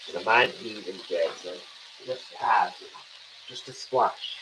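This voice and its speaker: A man's voice: lowish voice, slow pace, very noisy. Chatty man cooking live. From England. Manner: chatty, playful, talks while cooking. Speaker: cooking show co-host. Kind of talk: live cooking stream chat. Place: home kitchen.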